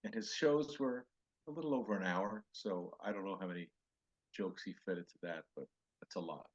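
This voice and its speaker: An older comedian, a guest on a podcast, tells stories from the road and acts out other people's lines in raised voices. His voice sits low, he talks fairly quickly, and the audio is dull.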